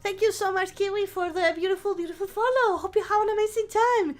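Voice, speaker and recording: A woman streamer chatting casually with her viewers in a soft, playful voice while recovering from the flu. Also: very high-pitched, fast, few pauses. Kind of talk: casual live-stream chat.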